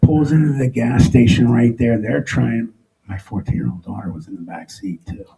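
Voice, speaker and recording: Gravelly, dark-voiced middle-aged man. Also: mid-range voice, poor audio. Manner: emotional, halting, with frequent restarts. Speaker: speaker telling his own story. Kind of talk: live storytelling speech. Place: stage before a live audience.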